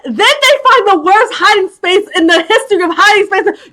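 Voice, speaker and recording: A woman's voice: very high voice, moderate pace, hardly any pauses, a bit bright. A young woman casually recapping a movie plot. She talks in a chatty way, uses "like" constantly and breaks into exclamations of disbelief. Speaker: movie commentator.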